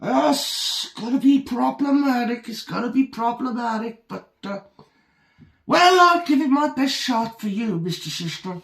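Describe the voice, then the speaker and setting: A man's voice: extremely high pitch, animated, unhurried, creaky, a bit bright, reverberant, heavily acted. A man playing a vain, self-pitying male make-up artist in a satirical monologue, speaking in a camp, rambling put-on drawl that slips in and out.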